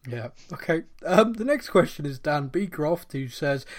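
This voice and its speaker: A man's voice: a little high, expressive, moderate pace. A man with a Bristolian accent hosting a casual podcast chat, reading out listener questions and laughing often at himself. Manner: reads listener questions aloud, laughs often, self-deprecating. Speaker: podcast host.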